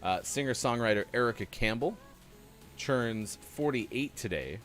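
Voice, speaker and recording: Man hosting a morning show, lively up-and-down delivery, jokey, faint music underneath. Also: mid-range voice, unhurried. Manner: jokey, self-mocking. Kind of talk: casual chat, reading birthdays.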